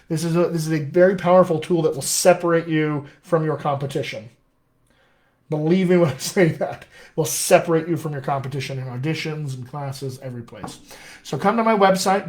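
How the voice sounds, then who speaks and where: A man who is a dialect coach giving an enthusiastic live acting lesson, talking straight to viewers and slowing down to read verse aloud. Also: a little high. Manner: enthusiastic, direct, addresses viewers as friends. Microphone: webcam or laptop mic on a live stream.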